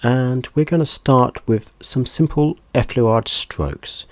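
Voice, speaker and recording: A man teaching a gentle hand massage, speaking in a soft, unhurried, calm instructional way. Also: medium pitch, no echo.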